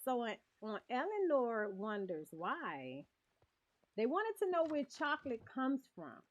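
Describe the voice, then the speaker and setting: A woman's voice: on the high side, big pitch swings, a little slow. A woman streaming a cozy game, chatting and often laughing as she talks to her viewers. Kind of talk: casual game stream chat. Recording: dull lo-fi stream audio.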